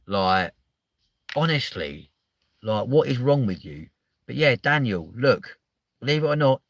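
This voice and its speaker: A man hosting a casual, comedic chat show, swearing freely and bouncing excitedly from one story to the next. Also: medium pitch, dry recording. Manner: sweary, excitable, jumps between stories. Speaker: show host.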